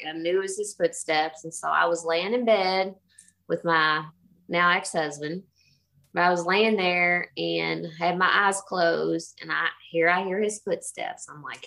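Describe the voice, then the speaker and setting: A middle-aged woman telling a ghost story casually in an animated way, acting out the voices she quotes. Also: on the low side. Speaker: guest telling a haunting story.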